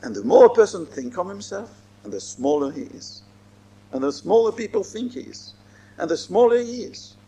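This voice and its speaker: A man's voice: high-pitched, animated, moderate pace, warm tone. A man giving a Torah lecture as a rabbi, emphatic and repeating his phrases. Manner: emphatic, repeats phrases, mixes in Hebrew and Yiddish terms.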